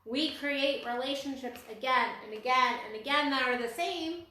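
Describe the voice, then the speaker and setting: A woman's voice: sits high, moderate pace, sharp tone. A woman co-hosting a casual talk, reflecting thoughtfully and chiming in to agree with her partner. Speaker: podcast co-host. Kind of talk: casual conversation. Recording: echoey room, voice a little far from the mic.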